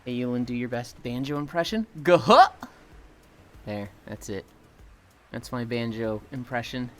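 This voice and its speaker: A man's voice: medium pitch, steady tone, moderate pace. A man chatting casually with his viewers during a live stream while he exercises, rambling and chatty.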